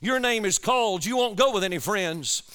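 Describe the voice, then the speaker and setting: A man's voice: high voice, expressive, moderate pace, bright, forceful tone, smooth. A man preaching an urgent, impassioned sermon to young people at a camp. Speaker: evangelist preacher.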